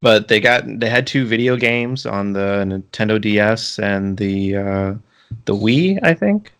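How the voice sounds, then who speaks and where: A man with a fairly low voice talks loosely as a podcast co-host. He wanders through his points, restarting sentences and leaning on filler words. The tone is relaxed, casual chat. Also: unhurried, smooth. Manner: rambling, many restarts and "like" fillers.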